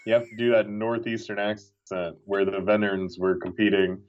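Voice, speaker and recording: A man's voice: on the low side, level tone, normal speed. A man who is a wrestling writer, a guest in a casual podcast conversation, wry and sarcastic and repeating phrases for emphasis. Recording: dull lo-fi audio.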